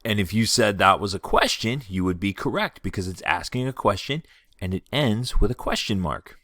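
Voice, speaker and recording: A man teaching a third grade class in a video lesson, explaining clearly and patiently, reading example sentences slowly and expressively. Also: fairly low pitch, lively intonation, sharp tone, no room sound, studio quality.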